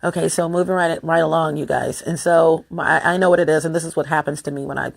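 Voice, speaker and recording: Gravelly-voiced woman rambling emphatically. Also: low voice, fairly even intonation, fast talker. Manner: emphatic, repeats words in bursts. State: voice going lower and rough. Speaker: vlogger. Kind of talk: casual rambling monologue to viewers.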